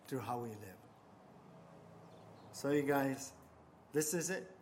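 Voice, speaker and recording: A man preaching a sermon, earnest and repetitive, swelling on key phrases and trailing softly at the ends, with stammered restarts. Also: medium pitch, slow, pauses often. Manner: frequent restarts and stammered repeats. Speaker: pastor.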